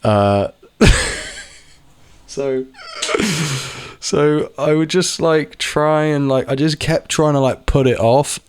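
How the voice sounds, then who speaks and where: A man's voice: on the high side, extremely slow, pauses often, clear, resonant tone, no echo. A young man talking casually to camera, rambling with lots of restarts and the odd swear word. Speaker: vlogger. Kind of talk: casual monologue.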